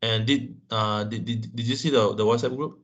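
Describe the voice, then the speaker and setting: A man's voice: fairly low pitch, fairly even intonation, normal speed, muffled recording. A man with a Malaysian English accent, a course participant speaking on a video call, stumbling and repeating words as he explains. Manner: hesitant, repeats words while searching for phrasing.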